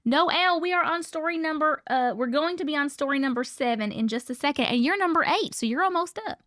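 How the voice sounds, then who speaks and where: Here a livestream host reads viewer stories in a high, brisk, slightly bright voice, chatting playfully and laughing often. Every so often she coughs, sounding like she needs a cough drop. It's clean studio sound with no room sound.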